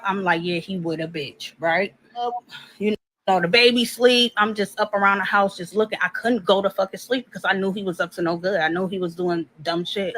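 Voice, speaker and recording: A woman's voice: medium pitch, a bit bright, low-quality recording. Blunt, profane woman telling a story. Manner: blunt and profane, acts out both sides of the dialogue. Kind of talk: casual personal storytelling.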